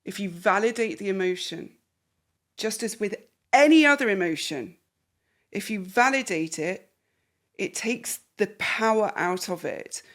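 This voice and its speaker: Speaking a little slowly in a mid-range voice, this female podcast host works as a counsellor coaching a client through a therapy-style session. She is animated and performs the voices of anyone she quotes.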